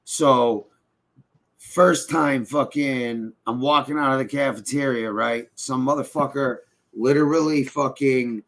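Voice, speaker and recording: A man's voice: medium pitch, gravelly. Young man, casual podcast storyteller, profane and rambling. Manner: swearing, rambling storyteller who keeps checking in with "right?".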